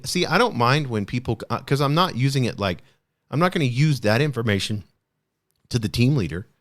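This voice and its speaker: A man hosting a podcast, talking casually about coaching at work in a loose, conversational way, often hedging with "kind of" and restarting his sentences. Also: medium pitch. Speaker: podcast host on leadership. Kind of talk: casual solo podcast talk.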